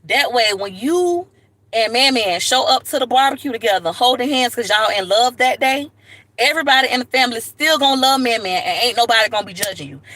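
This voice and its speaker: A woman's voice: a little high, lively intonation, a little fast, a bit bright. A woman hosting a livestream, giving sassy, preachy relationship advice straight to the viewer in a comedic rant. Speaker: livestream host.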